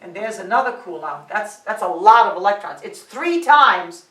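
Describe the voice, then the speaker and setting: A woman teaching high school physics who often checks in with "all right" and "okay" and counts digits aloud. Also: big pitch swings, moderate pace, fairly bright tone. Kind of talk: classroom lecture at a board. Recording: roomy sound, mic set at a distance.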